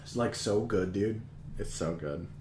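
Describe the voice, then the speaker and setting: A man's voice: fairly low pitch, measured pace, darkish tone, roomy sound, a little hiss or hum. A man hosting a live stream, chatting casually, rambling and laughing often. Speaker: streamer host.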